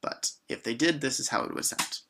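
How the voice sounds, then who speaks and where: A man's voice: medium pitch, a little fast, vocal fry, bright, forceful tone. A man from Canada teaching a beginner lesson in a casual way, asking learners questions and often saying um. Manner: patient, prompts learners with questions, frequent ums. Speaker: French teacher.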